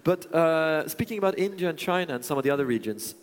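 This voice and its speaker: Brief: male stage host, rambling fast questions, big hall reverb. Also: fairly high pitch, expressive. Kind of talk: on-stage interview.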